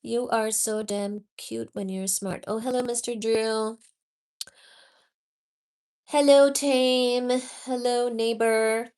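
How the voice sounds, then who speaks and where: A woman's voice: a little high, fairly even intonation, slow pace, pauses often, a little mellow. A woman hosting a live physics study stream, explaining loosely with lots of "you know" and greeting viewers one by one from the chat. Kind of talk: casual livestream teaching and chat reading.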